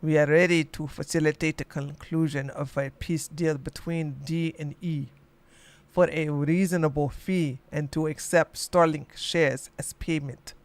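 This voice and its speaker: A podcast host voicing a smooth, joking Russian politician in a put-on Russian accent, deadpan and mock-formal. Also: mid-range voice, a little slow, voice pushed down, lightly acted.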